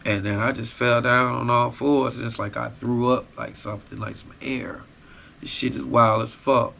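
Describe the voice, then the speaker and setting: Bright-voiced man telling a prison story. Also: mid-range voice, steady tone, moderate pace, gravelly, slight background noise. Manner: raw, profane street storytelling with repeated tag phrases. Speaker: podcast host. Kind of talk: casual storytelling.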